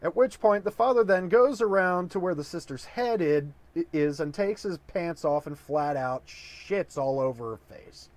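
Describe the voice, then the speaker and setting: A man's voice: high voice, unhurried, few pauses, a little mellow. A drunk man improvising a long dirty joke, rambling with many fillers. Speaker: comedic storyteller.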